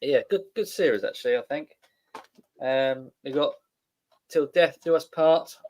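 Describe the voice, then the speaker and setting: A man on a livestream panel, talking in a measured way with many pauses. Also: a little high, darkish tone, poor audio. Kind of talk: casual chat.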